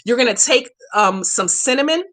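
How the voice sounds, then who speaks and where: A woman's voice: on the high side, animated, normal speed, a bit bright. Brash, profane woman hosting a livestream. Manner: brash, profane and chatty, addressing viewers as baby; slangy, emphatic instructions. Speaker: hoodoo practitioner hosting a live Q&A. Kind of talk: casual livestream Q&A and spell tutorial.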